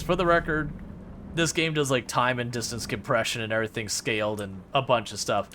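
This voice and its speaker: Playfully poking fun at the driving game he's streaming, this man rambles to his chat with plenty of filler words. His voice is mid-range and fairly bright, and he talks a little fast.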